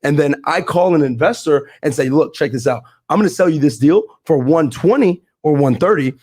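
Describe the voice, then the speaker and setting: A man's voice: on the high side, lively intonation, darkish tone, dry recording, clean studio sound. A young man, a podcast guest, telling his story and explaining deals in emphatic, slangy casual talk. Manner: fast, emphatic, street slang. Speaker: podcast guest, real estate investor.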